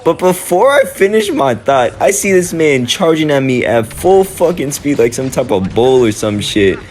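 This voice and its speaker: A man's voice: mid-range voice, big pitch swings, normal speed, a little mellow, a little hiss or hum. Young man telling a rambling story. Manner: rambling and profane, heavy with fillers. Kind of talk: casual storytime vlog.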